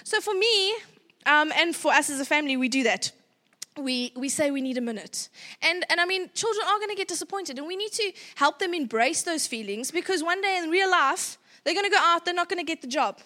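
A woman in her thirties with a South African accent, telling parenting stories in a casual, animated way and often acting out the dialogue. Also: very high voice, fairly quick. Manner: animated, laughing, acts out dialogue. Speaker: parenting educator. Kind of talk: casual storytelling talk.

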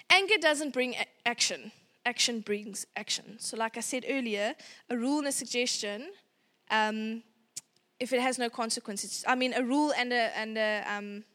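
A woman in her thirties giving a casual parenting workshop talk, chatty and animated, acting out parents and children. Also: fairly high pitch. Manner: chatty and animated, acts out parent and child voices, laughs often.

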